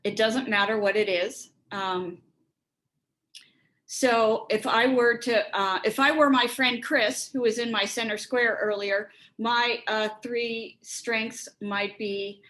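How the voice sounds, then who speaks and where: A woman's voice: on the high side, fairly even intonation, slow pace, fairly bright tone, rough recording. Earnest woman giving a workshop talk. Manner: earnest, reflective, acts out quoted dialogue. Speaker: speaker on resilience and relationships.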